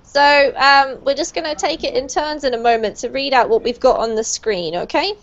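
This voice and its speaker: Cheerful pronunciation teacher, high-voiced woman, online class over a muffled call. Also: normal speed. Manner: upbeat, encouraging, praises often. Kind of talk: online group pronunciation lesson. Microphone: video call. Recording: dull lo-fi video call audio.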